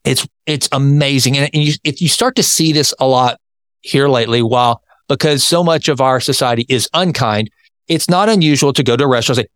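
A man hosting an interview in a casual, chatty way, telling anecdotes and talking in quick bursts. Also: medium pitch, a bit bright, clean tone, no echo. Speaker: interview host.

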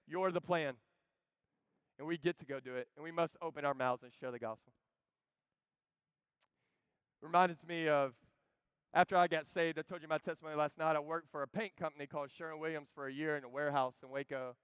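A man preaching a sermon, swinging from loud urging to hushed storytelling. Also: fairly high pitch, steady tone, brisk, pauses often, clear, resonant tone, no room sound.

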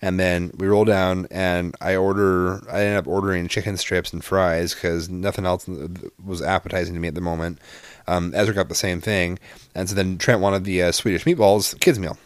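A man's voice: deep voice, little pitch movement, normal speed, clear, resonant tone, dry recording. A man in his thirties telling a story in casual chat, exasperated and profane, rambling with lots of fillers.

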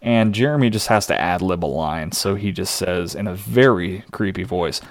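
Low-voiced man casually recapping a show. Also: moderate pace. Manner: relaxed, explanatory, with fillers. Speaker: podcast co-host. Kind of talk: casual chat recapping a TV episode.

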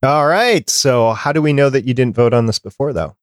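A male podcast host in casual chat, reading listener tweets and polls out loud. He gets animated as he reacts. His mid-pitched voice is recorded close and dry. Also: brisk, no echo.

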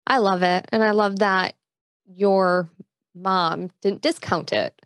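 A woman's voice: medium pitch, steady tone, slow, no echo. Affirming woman podcast host, dry sound. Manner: affirming, enthusiastic responses. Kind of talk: conversational interview.

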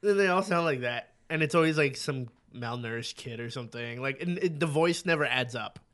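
A man's voice: medium pitch, a little fast, a bit bright. A man co-hosting a casual podcast chat, rambling through profane stories and acting out the voices of the people in them. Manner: rambling storyteller, profane, acts out quoted voices.

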